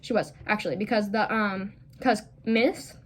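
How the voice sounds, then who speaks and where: A woman's voice: mid-range voice, steady tone, normal speed, noisy background. A young woman telling a casual storytime vlog, rambling with lots of "like" fillers and blunt, profane asides. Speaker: vlogger.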